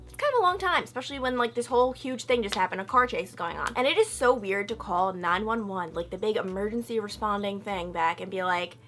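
A young woman vlogging, telling a story in a chatty, animated way and acting out quotes with loud high outbursts. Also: fast, few pauses, faint music behind. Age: young adult. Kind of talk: casual storytelling vlog.

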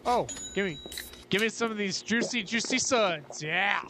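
A man playing a horror game and commenting on it, frustrated and swearing as he rants, his voice getting hoarse. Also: high-pitched, lively intonation, normal speed, pushed and bright, a little hiss or hum. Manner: frustrated, swears a lot, ranting. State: losing his voice. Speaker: gaming YouTuber. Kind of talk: let's play commentary.

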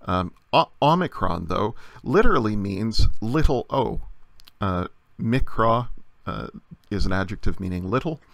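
A man with a low voice teaches a lesson slowly and patiently, often pausing on "uh" as he explains. The sound is dry and close, with no room around it. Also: very animated, creaky, no echo. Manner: patient explaining with many uh fillers. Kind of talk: recorded language lesson.

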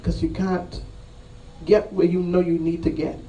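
A man's voice: high-pitched, measured pace, dark tone. A man preaching a sermon and calling people to the altar, impassioned and repetitive, with rising emphatic cries. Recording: voice from a distance off the mic.

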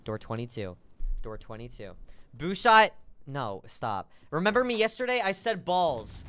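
Male game streamer, high lively voice, bright and clear, joking with chat, sudden shouts. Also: a little slow, no echo. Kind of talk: live gameplay stream chat.

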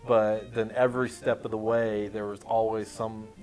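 A man, a film festival director, reviewing short films in a casual podcast chat, talking in halting runs full of restarts. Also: on the low side, level tone, a little mellow, soft background music.

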